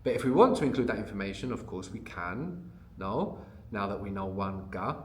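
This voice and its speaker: A man's voice: on the low side, animated, normal speed. Man teaching a language in a roomy space. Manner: patient, prompting, explains at length. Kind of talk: guided language lesson.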